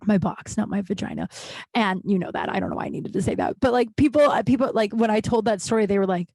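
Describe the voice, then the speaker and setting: A woman's voice: medium pitch, fast, warm tone, no room sound. A woman in her thirties from Denver telling profane, rambling comedic stories as a podcast host, laughing at herself, with a runny nose. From Denver, USA. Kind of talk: casual comedic storytelling.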